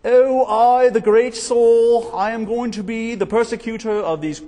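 A man's voice: extremely high pitch, steady tone, a little slow, dark tone, pitched above the performer's own voice. A man voicing an arrogant, proud young zealot with a British accent, boasting about himself in a hall with long reverb. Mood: smug boasting. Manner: proud, self-satisfied boasting. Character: arrogant young male zealot riding high.

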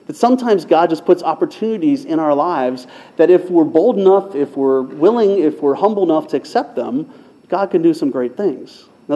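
A male pastor telling a personal story in a conversational sermon style, relaxed and self-deprecating, with frequent fillers. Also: on the high side, highs cut off.

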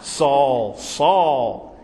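A man's voice: mid-range voice, animated, drawn-out words, warm tone. A man voicing a solemn heavenly voice that calls out a name twice for emphasis, in a hall with long reverb.

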